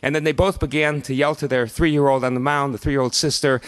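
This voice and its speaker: A man telling a story live on a festival stage, animated and acting out children's shouts. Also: mid-range voice, fairly quick.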